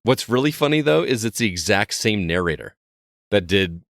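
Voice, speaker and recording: A man's voice: on the low side, expressive, normal speed, creaky, a bit bright, no room sound, studio quality. A man co-hosting a podcast, telling a rambling story in casual chat with frequent restarts. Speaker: podcast co-host.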